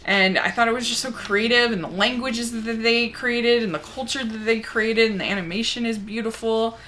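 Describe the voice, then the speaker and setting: A woman's voice: on the high side, fairly even intonation, moderate pace, pushed and bright, slight background noise. A young woman reviewing movies, chatting casually and enthusiastically as she answers a movie tag.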